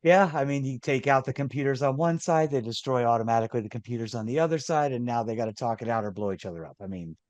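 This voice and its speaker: A man co-hosting a casual podcast chat, excitable and laughing often, trailing off and restarting. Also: medium pitch, fast talker, few pauses, no echo, lo-fi sound. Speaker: podcast co-host.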